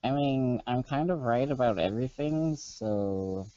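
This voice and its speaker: A man's voice: mid-range voice, lively intonation, measured pace, dark tone, no echo. A man co-hosting a casual podcast chat, dry and teasing in his remarks. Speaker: podcast co-host. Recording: dull lo-fi podcast mic.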